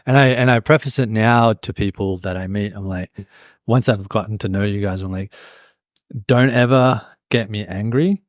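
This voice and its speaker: A man's voice: on the low side, steady tone, fairly quick, no echo, clean studio sound. Earnest, rambling podcast co-host man. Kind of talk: casual chat.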